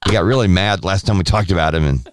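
A man's voice: sits low, fast, noisy background. A man co-hosting a radio show, telling stories in casual banter and acting out his pets. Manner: animated storytelling, acts out his pets. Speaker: radio co-host.

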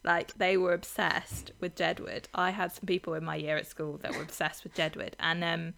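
A woman co-hosting a casual podcast chat. Her voice is bright and forward, and she talks in a loose, rambling way, full of fillers and giggles. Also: fairly low pitch, flat delivery, moderate pace, creaky. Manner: chatty, lots of fillers and giggles. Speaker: podcast co-host.

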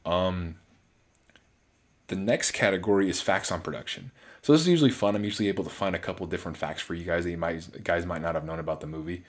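Deep-voiced man rambling about movies. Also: quick pace. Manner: rambling, frequent restarts and fillers. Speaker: film reviewer. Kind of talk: casual solo movie review.

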